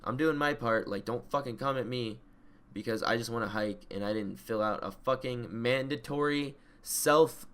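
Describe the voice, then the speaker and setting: A man's voice: medium pitch, moderate pace, a bit bright, clean tone. A young man co-hosting a casual podcast, ranting profanely and getting worked up as he talks. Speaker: podcast co-host. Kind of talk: casual chat.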